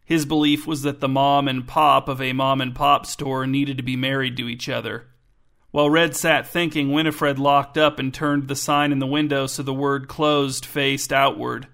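A man narrating a comic story in a deadpan, scripted way. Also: medium pitch, measured pace, vocal fry.

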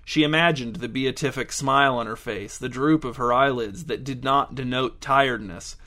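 A man narrating a story in a measured, deadpan way. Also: mid-range voice. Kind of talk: audiobook narration.

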